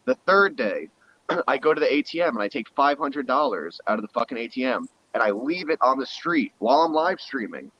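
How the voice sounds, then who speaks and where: A man's voice: mid-range voice, brisk. A man telling a heated, profane story in casual chat, acting out the people in it as he goes. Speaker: guest streamer. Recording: muffled lo-fi audio.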